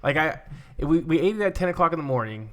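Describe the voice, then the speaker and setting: A man's voice: a little high, animated, fast, fairly bright tone. A young man co-hosting a podcast, rambling through stories with lots of filler words. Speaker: podcast co-host. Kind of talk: casual chat.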